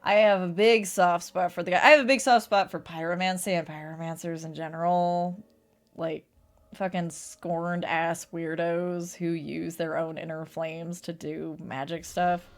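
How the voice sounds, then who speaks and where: A woman's voice: lowish voice, steady tone, measured pace. A young adult woman streaming a casual chat, laughing often and swearing casually. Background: faint music.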